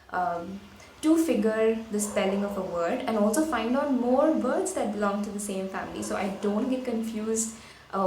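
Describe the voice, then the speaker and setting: A woman's voice: mid-range voice, a little mellow. A woman teacher giving a spelling lesson for children, patiently explaining and sounding out words syllable by syllable. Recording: echoey room with faint noise.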